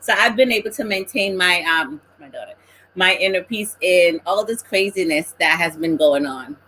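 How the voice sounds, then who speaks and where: A woman speaking as a panelist in a casual online talk, calm and reflective, laughing easily as she talks. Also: on the low side, moderate pace, slight background noise, rough recording.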